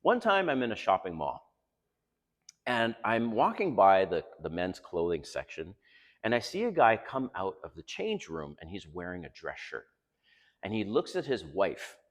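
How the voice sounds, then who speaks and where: Blunt middle-aged man with lively delivery. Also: low-pitched, normal speed. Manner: emphatic, blunt, profane, lecturing. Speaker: dating advice vlogger. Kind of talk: casual monologue to camera. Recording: long reverb in the room.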